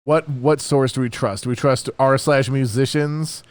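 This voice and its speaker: A man's voice: medium pitch, fairly even intonation, no echo. Playful male podcast co-host. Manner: playful, quick riffing. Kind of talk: casual chat.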